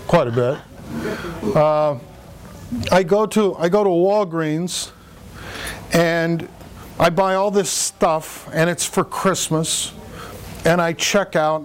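A man in his sixties talking casually at a meeting, telling a rambling anecdote with lots of ums and uhs. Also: fairly high pitch. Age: 60s. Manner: rambling storyteller with frequent fillers and laughs. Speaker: speaker at a political meeting. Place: hotel meeting room.

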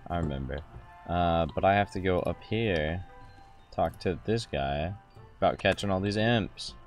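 A young man with a very low, deep voice talks through a video game in a loose, jokey, rambling way. He keeps acting out snippets of dialogue as he goes. Faint music plays softly behind him. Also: unhurried. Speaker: gaming video host. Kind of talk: joking gameplay commentary.

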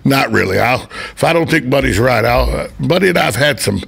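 A man's voice: mid-range voice, lively intonation, a little fast, vocal fry, a bit bright, slightly rough. A man hosting a sports radio show in a studio, chatting casually and joking with a co-host. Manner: chatty, joking, rambling asides.

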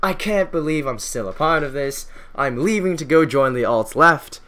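A man's voice: a little high, expressive, normal speed, a bit bright. A man voicing a bitter old-school male hardliner, raised and scornful as he declaims.

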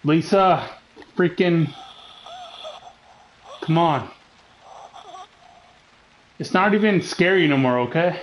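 A man talks through a horror game in a slow, drawn-out way, teasing the game and joking as he goes. His voice sits a little high for a man. A faint ambient hum runs underneath. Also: lively intonation, low-quality recording. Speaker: gaming channel host. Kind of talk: live horror game commentary.

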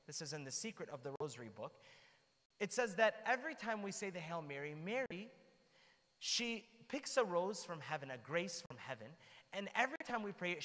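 A man telling the lives of saints to a church group in an animated storytelling manner, with asides to his listeners. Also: high voice. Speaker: church speaker. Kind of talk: storytelling talk to a youth group. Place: church hall. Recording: long hall reverb.

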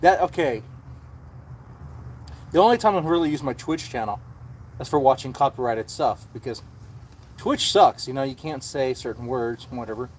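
A man's voice: mid-range voice, expressive, normal speed, long pauses, a little mellow, slight background noise. A man hosting a casual livestream, rambling and swearing freely as he chats. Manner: rambling and profane, with frequent restarts. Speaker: livestream host.

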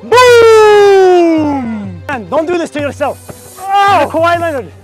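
A man's voice: very high voice, lively intonation, normal speed, loud music behind the voice. A young man putting on a boastful Arab tourist character with a put-on Arabic-flavored accent and broken English, trash-talking on an outdoor court. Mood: hyped. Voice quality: broken English, calls everyone my friend. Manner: loud trash talk while playing. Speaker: YouTuber. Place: outdoor basketball court by a beach.

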